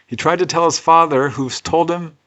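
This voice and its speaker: A UFO researcher and author presents case studies, narrating each story unscripted in an earnest, conversational manner with personal asides. His voice is a little high and a bit bright, moving at a moderate pace, and the recording sounds muffled.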